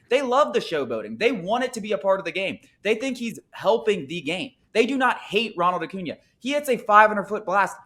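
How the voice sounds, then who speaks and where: A man's voice: sits high, bright, forceful tone. A man hosting a sports talk show, ranting in an emphatic, exasperated way.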